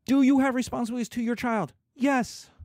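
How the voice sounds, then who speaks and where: A man's voice: extremely high pitch, fairly even intonation, fairly quick, darkish tone, no room sound, studio quality. A man lecturing as a professor, asking and answering his own questions and acting out little scenes. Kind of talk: lecture to students.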